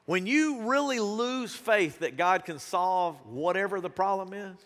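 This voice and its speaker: A man preaching a sermon as pastor, animated and casual, acting out Bible characters with slangy asides. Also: high voice, a little slow, long reverb tail. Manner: casual slang, southern-tinged phrasing.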